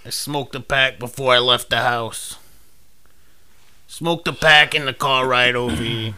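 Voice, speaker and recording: A man's voice: mid-range voice, steady tone, unhurried, pushed and bright, clear, resonant tone. A man in casual podcast chat, goofy and riffing on jokes.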